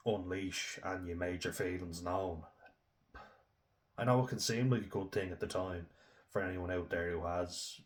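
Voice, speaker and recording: A young man with a very low, deep voice speaks in a candid personal vlog. He is frank and reflective, swears freely, and leans on "you know" and "like" as he thinks aloud. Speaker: vlogger.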